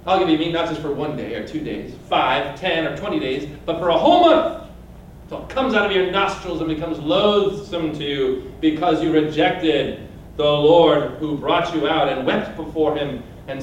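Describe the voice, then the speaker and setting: Guy giving a sermon, voice a bit high, heard from off the mic in a big booming room with faint noise. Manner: questions the listeners directly, reads scripture aloud. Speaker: preacher. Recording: very echoey room from a distance.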